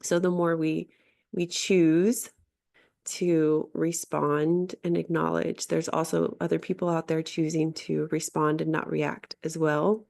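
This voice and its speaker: A middle-aged woman, a life coach, telling a reflective personal story earnestly, often restarting and pausing. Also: low-pitched, level tone, creaky, darkish tone. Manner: earnest, with frequent restarts and pauses.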